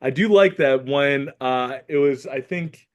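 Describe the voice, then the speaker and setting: A school counselor and author from Pennsylvania appears as a podcast guest, talking through his ideas earnestly and thoughtfully, with many "like" fillers. His mid-range voice moves a little slowly as he mixes casual conversation with reading from his book.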